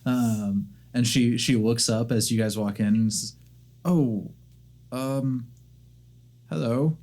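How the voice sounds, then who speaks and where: A man working as game master, narrating a tabletop game in a halting way with many fillers and restarts. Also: on the low side, little pitch movement, a little mellow.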